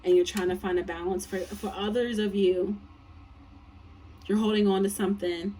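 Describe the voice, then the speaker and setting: A woman's voice: medium pitch, steady tone, moderate pace, warm tone, distant mic, slight background noise. A tired woman giving a casual tarot reading, blunt and profane, rambling with lots of fillers. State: tired, yawning. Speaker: tarot reader.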